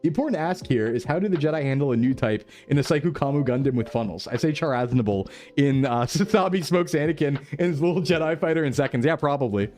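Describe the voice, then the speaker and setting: A man's voice: a little high, animated, fast, few pauses, a little mellow. A male streamer chats casually with his live audience, rambling with enthusiasm and leaning on fillers and laughter. His voice sits a bit above the usual male range. Faint music plays underneath. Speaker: VTuber streamer. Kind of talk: casual live-stream chat, answering chat messages.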